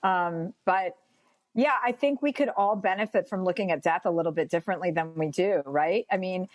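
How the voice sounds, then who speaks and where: A woman's voice: lowish voice, normal speed, dry recording. Woman, podcast guest, earnest, reflective, casual chat, dry close sound. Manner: earnest and reflective, talks through beliefs. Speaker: podcast guest, comedian and author.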